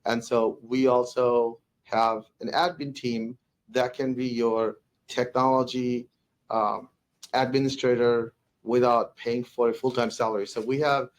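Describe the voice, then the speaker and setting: A man speaking on a business webinar panel at a middling pitch. He rambles through his points and keeps restarting his sentences. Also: a little mellow, poor audio. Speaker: tech company executive.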